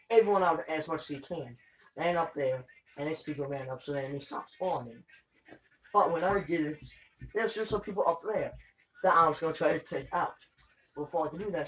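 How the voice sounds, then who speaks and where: A woman doing let's play commentary, exasperated and swearing, with loud outbursts. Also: low-pitched, slightly rough, poor audio. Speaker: gameplay video creator.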